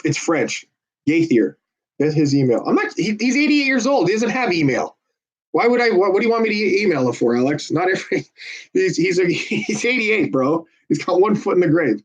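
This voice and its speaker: Chatty man with a slightly high voice. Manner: chatty, joking, persuasive salesman patter. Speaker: phone bank volunteer and livestreamer. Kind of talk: casual livestream chat while making calls. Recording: dull lo-fi audio.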